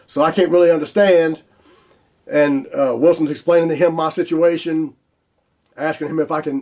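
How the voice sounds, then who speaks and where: A man with a Southern US accent telling a long personal story as host, animated and laughing often as he acts out the dialogue. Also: fairly high pitch. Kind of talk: casual spoken storytelling.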